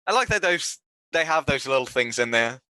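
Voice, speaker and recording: A man co-hosting a podcast, casually summarizing a film's plot and quoting its characters with big jumps in pitch. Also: animated, normal speed, sharp tone, smooth, dry recording. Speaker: podcast co-host. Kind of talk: casual movie recap chat.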